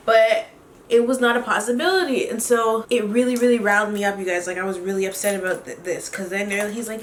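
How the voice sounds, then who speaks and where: A woman vlogger telling a story in a casual, animated, chatty way while doing her makeup, with quick laughs. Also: medium pitch, roomy sound, slight background noise. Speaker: beauty vlogger.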